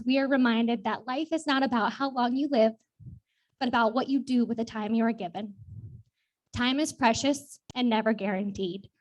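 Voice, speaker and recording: A woman's voice: a little high, a little mellow. A woman giving heartfelt, formal sponsor remarks at an awards event, a little out of breath. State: slightly out of breath. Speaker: sponsor executive.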